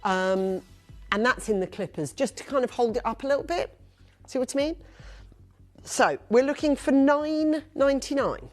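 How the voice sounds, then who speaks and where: A woman's voice: fairly high pitch, expressive, moderate pace, soft background music. A woman presenting a live shopping channel, chatty and upbeat, rattling off prices and buyers' names. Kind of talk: live TV selling.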